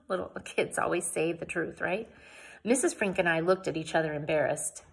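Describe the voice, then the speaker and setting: A woman's voice: fairly low pitch, normal speed, vocal fry, husky. A woman reading a novel aloud, narrating plainly and adding casual asides of her own. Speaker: audiobook reader.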